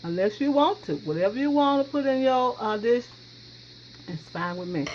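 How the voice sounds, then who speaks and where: A folksy woman cooks and talks her viewers through each step, calling out to them as y'all. The recording is dull and lo-fi, with a steady hiss of background noise. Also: fairly high pitch, normal speed. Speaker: home cooking host. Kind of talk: casual cooking demonstration.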